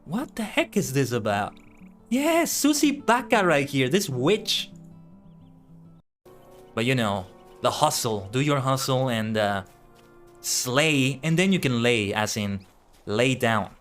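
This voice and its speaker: A man's voice: medium pitch, animated, slow pace, pauses often, fairly bright tone, faint music behind. A man streaming a game, chatting casually, playful and punning and laughing often. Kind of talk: casual gaming commentary.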